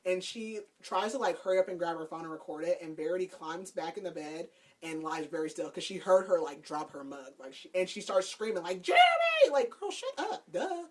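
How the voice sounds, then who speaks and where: A woman's voice: lowish voice, steady tone, fairly quick, a little mellow. A woman podcast host casually recapping a book's plot, chatty and laughing, with lots of "like". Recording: voice a bit far from the mic.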